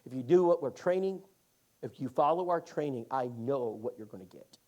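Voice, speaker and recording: Animated, folksy man teaching. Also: medium pitch, normal speed. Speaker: Bible class teacher. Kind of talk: lively classroom storytelling.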